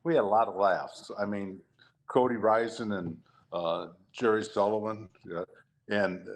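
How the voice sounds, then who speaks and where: An older man from Detroit, a retired football player, telling lively stories in casual chat, acting out quotes and laughing often. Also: on the low side, unhurried. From Detroit, USA. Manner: animated storyteller, acts out quotes, laughs often.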